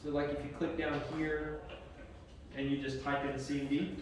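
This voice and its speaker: A man's voice: a little high, flat delivery, normal speed, a crowd in the background. A male computer science teacher giving a casual, conversational classroom lecture with many fillers. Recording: echoey classroom from far off.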